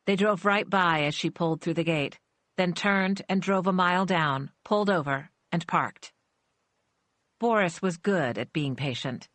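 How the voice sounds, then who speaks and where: A woman narrating a suspense audiobook in a measured storytelling manner, voicing the characters with small shifts. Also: lowish voice, a bit bright, no echo. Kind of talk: scripted narration.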